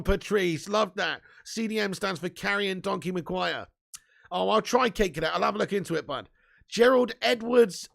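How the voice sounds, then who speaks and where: A man's voice: high-pitched, vocal fry, fairly bright tone. A man hosting a live football fan stream, chatting casually with viewers, reading their comments, laughing often and swearing freely. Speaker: football fan channel host.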